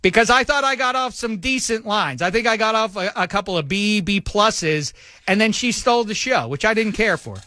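A middle-aged man co-hosting a sports radio show, telling a lively anecdote and acting out the quotes in it. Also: sits high, normal speed, no echo. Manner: animated anecdote teller, acts out quotes. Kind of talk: radio banter, storytelling. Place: radio studio. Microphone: studio microphone.

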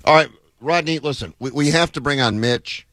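A man's voice: mid-range voice, normal speed, a bit bright, no room sound. A man hosting a sports talk radio show, taking calls and bantering with his co-host.

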